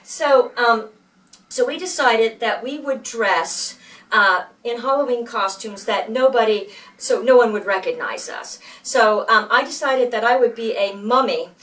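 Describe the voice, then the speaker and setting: A woman's voice: a little high, unhurried, a bit bright. A woman in her sixties telling a personal story casually, with many fillers and restarts. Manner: rambling, many fillers and restarts, acts out quoted voices. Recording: voice from far off the mic.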